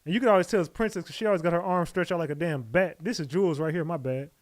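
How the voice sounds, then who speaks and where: Male streamer, slightly high-pitched, loose and casual, keeps repeating his thanks to viewers. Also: rapid-fire, no echo. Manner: loose and chatty, repeats his shout-outs. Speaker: livestream host. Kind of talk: casual livestream chat.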